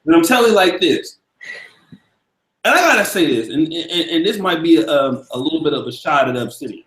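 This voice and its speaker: A man's voice: fairly high pitch, animated, brisk, fairly bright tone, echoey room, poor audio. A man hosting a live stream in a loose, profane, casual way, hyping up his audience. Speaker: livestream host.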